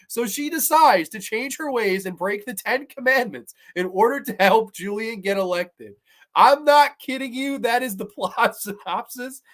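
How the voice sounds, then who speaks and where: A man hosting a horror podcast, casually reviewing episodes with excited, profane chatter. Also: sits high. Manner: excitable, profane, laughs while retelling.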